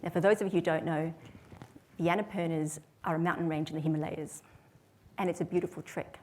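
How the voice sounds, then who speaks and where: Woman giving a measured storytelling talk. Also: low voice, fairly even intonation, mellow. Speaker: speaker. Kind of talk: prepared talk to an audience.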